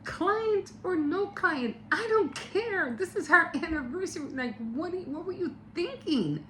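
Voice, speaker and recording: A woman voicing a furious, betrayed wife who confronts her husband in a shrill, accusing way as she retells a story. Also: a little slow, a little mellow, slight background noise, close to an everyday voice. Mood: angry. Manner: shrill, accusing, repeating herself.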